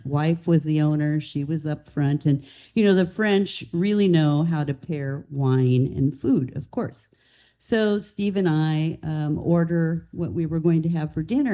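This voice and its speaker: A woman telling funny restaurant anecdotes to a club meeting in a lively, playful way. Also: low voice, unhurried, gravelly, lo-fi sound. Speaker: club member.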